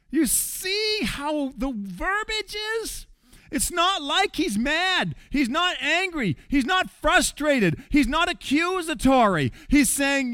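Bright, high-voiced animated male preacher. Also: dry recording, studio quality. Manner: animated, with sudden loud bursts and quiet asides. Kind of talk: sermon.

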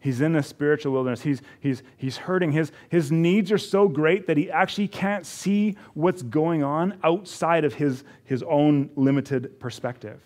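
A man preaching a sermon in an earnest way, rising to emphasis and then dropping to a hush, often repeating words. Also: a little high, moderate pace, few pauses. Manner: earnest, swings from rising emphasis to hushed quiet. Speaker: pastor.

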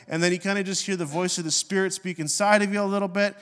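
A middle-aged man, a pastor, preaching a sermon and telling a personal story with self-mocking humor and animated swings in his delivery. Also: high voice, fast talker, few pauses, clear, resonant tone. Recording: long hall reverb.

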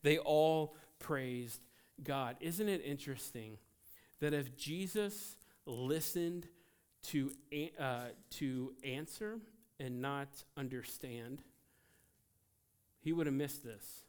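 A man preaching a sermon as pastor, emphatic and animated, swinging between loud outbursts and quiet asides. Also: medium pitch, slow, clear, resonant tone. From United States.

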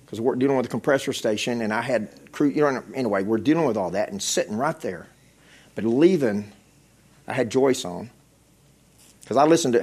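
A middle-aged man gives a testimony sermon in a husky, slightly breathy voice at an ordinary middle pitch. He tells his stories conversationally, circling back and repeating phrases for emphasis. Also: darkish tone. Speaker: preacher.

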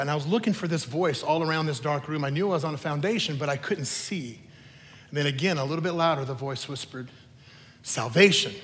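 A man's voice: fairly high pitch, fairly bright tone. A man pastor preaching a sermon, telling stories in a chatty way with teasing asides. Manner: conversational storytelling with teasing asides. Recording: long reverb of a large hall.

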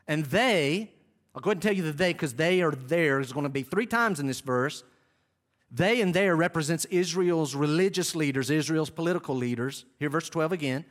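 A man teaching verse by verse from scripture, animated, moving between lively reading and quiet low asides. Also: normal speed. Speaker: Bible teacher.

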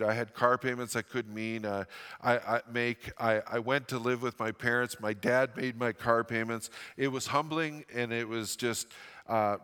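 A pastor in his fifties from Western Canada delivers a sermon in a bright, forceful voice that rings out through a church sanctuary with a long reverb. He reads scripture dramatically, slowing and rising on the quoted lines, then drops to a quiet, confiding tone for his own stories. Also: medium pitch, clear, resonant tone. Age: 50s.

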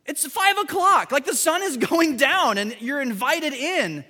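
Guy preaching a sermon, high bright voice, acts out the back-and-forth, big echoey church. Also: a little slow, hardly any pauses. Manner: animated storytelling, acting out dialogue. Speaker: pastor. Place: church sanctuary. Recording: large hall with music behind.

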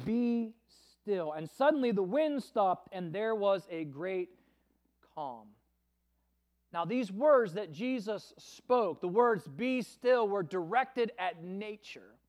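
Male pastor, high voice, slow and earnest sermon delivery. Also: a little mellow. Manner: earnest, measured preaching with dramatic quoted voices.

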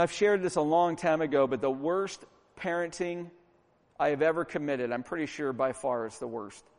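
A middle-aged man preaching a fervent, emphatic sermon as pastor, hammering points home with repetition. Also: a little high. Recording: long reverb from a large room.

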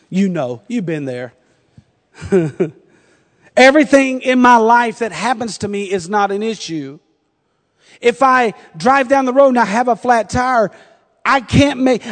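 A middle-aged man with a North Carolina Southern accent preaches with a high voice, telling funny stories and laughing often. His sermon rings out with a long reverb, as in a large hall. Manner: humorous storytelling with frequent laughter. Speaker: pastor.

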